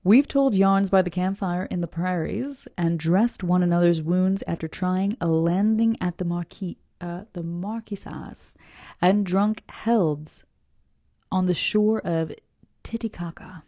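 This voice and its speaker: A woman's voice: on the low side, measured pace, no echo. A woman hosting a live book club, reading a classic novel aloud and stumbling now and then over names, with whispered asides and chatty comments to her viewers. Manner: drops into soft whispered asides; self-deprecating and talks straight to her viewers. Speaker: book club livestream host.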